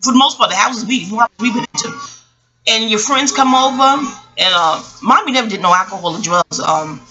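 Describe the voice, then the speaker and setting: A woman's voice: medium pitch, brisk, dull audio. A woman in her forties with a New York accent, rambling casually and profanely about her childhood and a book. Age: 40s. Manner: profane, animated storytelling with asides. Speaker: book reviewer.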